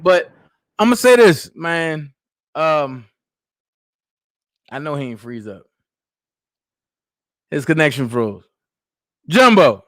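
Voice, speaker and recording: Hyped high-voiced man streaming. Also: slow pace, long pauses, dry recording. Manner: loud, hyped, slangy call-outs to viewers. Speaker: livestream host. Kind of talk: casual livestream chat.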